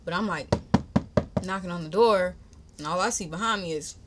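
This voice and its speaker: A young woman hosting a podcast, telling a personal story in a chatty, animated, slangy way and talking straight to her listeners. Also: fairly low pitch, normal speed. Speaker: podcast host. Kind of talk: casual storytime.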